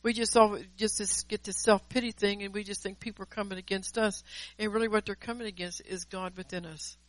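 A woman's voice: medium pitch, fairly even intonation, brisk. An earnest woman delivers a devotional sermon with a mid-range voice. She presses her points home by repeating key words. Her voice sounds close and dry, with no room echo. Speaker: preacher. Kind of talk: devotional sermon with personal testimony.

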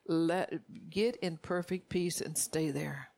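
A woman's voice: sits low, steady tone, slow, creaky, darkish tone. A woman preaching a sermon, repeating phrases for emphasis and reading scripture aloud as she urges her listeners directly.

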